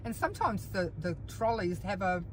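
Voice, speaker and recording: A middle-aged woman, a mother, chatting alongside her daughter in an agreeable, expressive way. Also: medium pitch, moderate pace, a little hiss or hum. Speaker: mother of the co-host.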